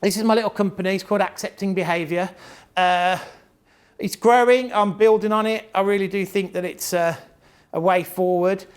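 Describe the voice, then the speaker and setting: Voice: medium pitch, steady tone, normal speed, clear, resonant tone. A parent with a British accent giving a live talk to an audience on autism and behaviour, chatty and blunt, laughing often and swearing casually. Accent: British English. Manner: chatty, jokey, laughs often, acts out quotes.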